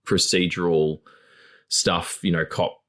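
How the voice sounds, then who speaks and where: A man co-hosting a podcast, rambling in casual chat, swearing freely and acting out quotes in squeaky voices. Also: flat delivery, takes it slowly, a bit bright. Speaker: podcast co-host.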